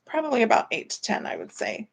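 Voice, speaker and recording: A woman's voice: a little high, wildly swooping pitch, quick pace, gravelly. A woman hosting a casual live stream from home, chatting in a rambling way and reading viewer comments aloud. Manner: rambling and chatty, with many fillers. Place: at home, indoors.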